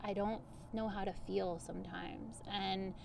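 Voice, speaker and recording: A woman with a slightly gravelly voice talks animatedly in a relaxed podcast conversation. She explains her coaching ideas through casual everyday examples. Her pitch sits in an ordinary middle range. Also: measured pace, slight background noise. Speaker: human design coach, podcast guest.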